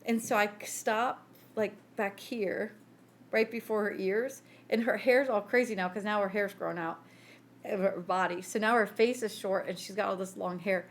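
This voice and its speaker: A woman's voice: medium pitch, moderate pace. A woman co-hosting a casual chat podcast, telling stories with lots of laughter and acted-out quotes. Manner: animated storyteller, laughs often, acts out quotes. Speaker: podcast co-host.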